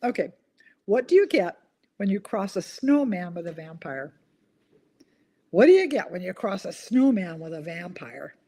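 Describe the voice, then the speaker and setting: Chatty woman with a lively voice. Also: on the low side, normal speed, pauses often, breathy edge. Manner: chatty, giggles at her own corny jokes. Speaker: host of a live online chat. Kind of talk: casual live-stream chat, reading viewer comments.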